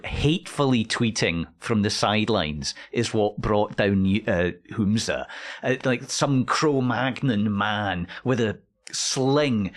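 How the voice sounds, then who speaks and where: A man hosting a comedy news show, ranting sardonically and swearing freely. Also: medium pitch.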